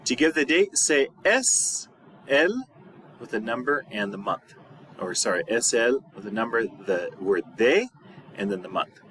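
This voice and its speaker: A man teaching a recorded video lesson as a high school Spanish teacher, patient and repeating words slowly. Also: expressive, fairly bright tone, a little hiss or hum.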